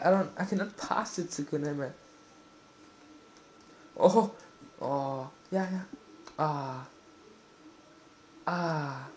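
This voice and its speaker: Man, gameplay commentary, excitable, cursing at the screen, slow and drawn-out delivery, desk mic. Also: on the high side. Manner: excitable, exclaiming and swearing at the game. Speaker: gamer playing a football video game.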